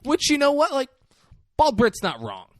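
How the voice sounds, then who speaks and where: A male podcast co-host in casual chat, retelling movie scenes with quick acted-out quotes and frequent laughs. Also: very high-pitched, huge pitch swings, fairly bright tone, no echo, clean studio sound.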